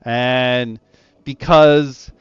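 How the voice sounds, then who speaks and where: A man's voice: medium pitch, drawn-out words, clear, resonant tone, no echo, lo-fi sound, faint music behind. A man who is a dungeon master, casually recounting a tabletop session and acting out his players' voices. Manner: animated storyteller, acts out his players' voices. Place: online voice call. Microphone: gaming headset.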